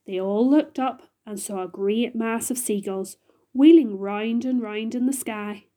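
A woman reading a storybook aloud to children, gentle and measured. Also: medium pitch.

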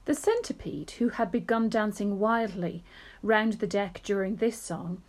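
A woman's voice: mid-range voice, expressive, a little slow, darkish tone. A woman, a teacher, reading a children's book aloud to a class, telling the story expressively.

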